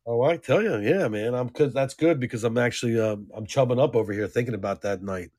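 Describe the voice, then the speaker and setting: A man's voice: mid-range voice, fast talker, a little mellow. A young adult man telling crude, boastful party stories as co-host of a casual podcast chat.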